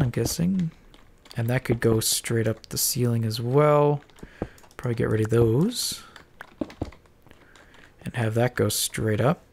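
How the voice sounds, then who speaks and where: With a creaky, darkish, medium-pitched voice, a congested Minecraft let's-player mumbles through casual commentary, thinking aloud as they build.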